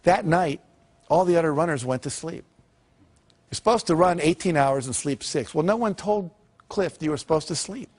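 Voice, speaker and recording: An older man giving a motivational talk and telling lively stories, acting out the people in them. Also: a little high, moderate pace. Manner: lively storyteller who acts out quoted characters. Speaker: motivational speaker.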